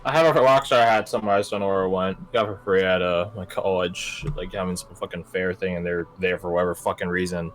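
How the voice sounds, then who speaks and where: A man's voice: low voice, steady tone, quick pace, hardly any pauses. A young man in his twenties, the game master, joking and swearing offhandedly in casual chat before a tabletop game.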